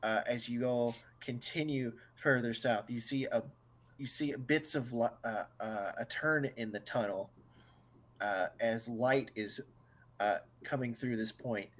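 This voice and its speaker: A man narrating a tabletop game as game master, slow and halting with many fillers. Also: mid-range voice.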